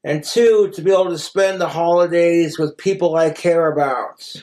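A man's voice: on the high side, normal speed, darkish tone. A man from Wyoming rambling through profane jokes on a comedic livestream monologue. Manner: profane, rambling joke-telling.

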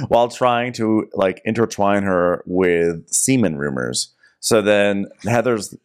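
A man co-hosting a casual recap podcast, giggling and jumping into quick mimicry. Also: lively intonation, smooth. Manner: quick, giggly, mimics cast members in high voices. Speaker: podcast co-host. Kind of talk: casual recap chat with acted quotes.

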